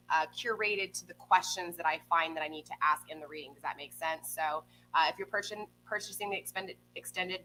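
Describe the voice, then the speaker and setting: Tarot reader, woman, chatty with viewers, low-set voice with a bright edge. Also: a little hiss or hum, poor audio. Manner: chatty, keeps checking in with "okay?" and "right?". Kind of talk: live tarot reading to viewers. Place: home room with a pet nearby. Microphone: desk microphone.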